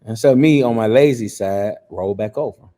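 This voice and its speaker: A middle-aged man from Detroit, a pastor and guest, telling stories casually in an animated, colloquial way. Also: fairly low pitch, moderate pace. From Detroit, USA. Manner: animated storyteller who acts out quotes, colloquial. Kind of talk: casual storytelling interview.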